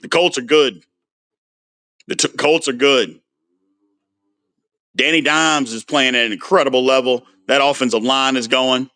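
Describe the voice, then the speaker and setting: A man hosting a casual sports livestream, animated and frustrated as he answers viewers' comments by name. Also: mid-range voice, measured pace, long pauses. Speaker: sports talk host.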